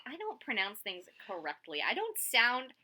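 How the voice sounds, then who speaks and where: A woman's voice: a little high, wildly swooping pitch, moderate pace, pushed and bright. A woman from Scotland with an American accent, hosting a podcast in a blunt, casual chat that is full of laughter. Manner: blunt, swears, laughs often. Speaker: podcast host.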